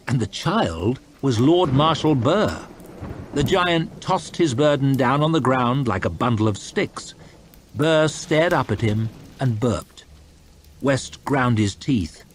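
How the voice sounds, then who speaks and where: A man reading a novel aloud as storytime narration, expressive with soft low asides. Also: slight background noise. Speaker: audiobook reader. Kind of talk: storytime narration over gameplay.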